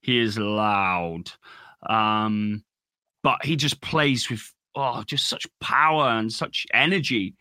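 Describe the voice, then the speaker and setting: A man's voice: mid-range voice, takes it slowly, sharp tone, no echo, clean studio sound. A man, a guest musician, telling stories in a casual podcast interview, laughing often and swearing casually.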